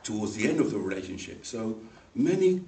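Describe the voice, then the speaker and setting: A man giving a humorous personal story as a speech, animated and acting out the people in it. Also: lowish voice, a little fast. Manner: animated, acts out voices in the story, laughs along. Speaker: speaker at a speaking club. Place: meeting room. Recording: echoey room, mic far off, faint noise.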